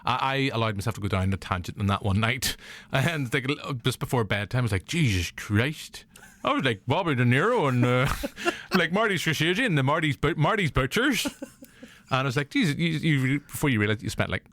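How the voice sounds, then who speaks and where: A man's voice: mid-range voice, animated, a little fast, fairly bright tone, dry recording. A man with a Northern Irish accent hosting a podcast, chatting casually in a jokey, rambling way. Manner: jokey, rambling storyteller who laughs often. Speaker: podcast host. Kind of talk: casual chat.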